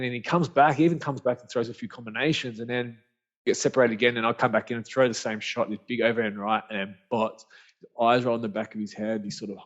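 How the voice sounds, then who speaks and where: An Australian man telling a story as a podcast guest, casual and slangy, with lots of restarts. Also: mid-range voice. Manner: animated, rambling, slangy with frequent restarts. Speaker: guest, author and speaker. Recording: dull lo-fi podcast audio.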